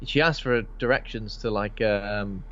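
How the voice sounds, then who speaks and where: A man's voice: lowish voice, normal speed, a bit bright. A chatty man co-hosting a horror podcast, swearing freely and acting out bits of dialogue. The audio sounds dull and lo-fi. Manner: chatty, swears, acts out lines in raised voice. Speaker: podcast co-host. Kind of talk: casual film discussion.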